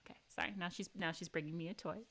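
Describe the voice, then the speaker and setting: A woman's voice: on the low side, bright, forceful tone. A woman streaming from home, reading a story game aloud with chatty, giggly, sarcastic asides. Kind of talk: live game playthrough with commentary. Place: home room.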